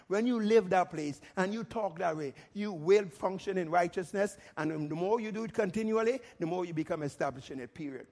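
A male pastor preaching a sermon emphatically, firing rhetorical questions and rising to shouts. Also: high voice, animated, a little fast.

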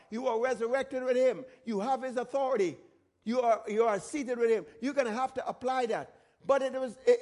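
A male pastor preaching a sermon, repeating phrases in a steady cadence and dropping his voice when quoting scripture. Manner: repetitive preaching cadence, quotes scripture in a lower voice.

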